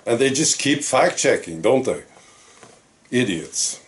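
A man's voice: mid-range voice, animated, slow pace. A man with a Swedish accent, hosting his own channel and mocking the news in a casual, amused monologue. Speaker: commentary channel host.

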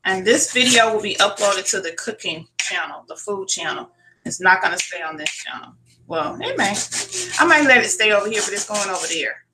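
A woman's voice: mid-range voice, expressive, a little fast, background noise. A woman hosting her own cooking vlog from her kitchen, chatting casually to viewers, swearing freely and calling them y'all. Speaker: cooking channel host. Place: home kitchen.

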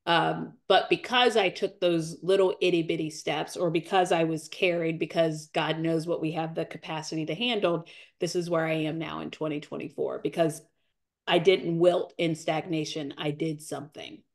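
A woman's voice: fairly even intonation, normal speed. Tearful woman in her forties testifying. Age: 40s. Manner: earnest, repeats phrases, rises in pitch as she grows tearful. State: near tears. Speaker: podcast guest, author. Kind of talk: emotional faith testimony.

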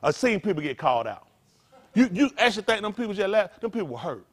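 Pastor, male, high voice, lively delivery, street-casual preaching. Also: fast. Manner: animated, colloquial, rhetorical questions. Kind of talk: conversational sermon.

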